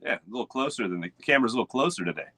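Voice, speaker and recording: Philly sports host, male, bright slightly high voice, loose and rambling, dry close home-studio mic. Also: expressive, rapid-fire, dry recording. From United States. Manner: rambling, chatty, reads out chat names. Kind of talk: casual live morning sports show.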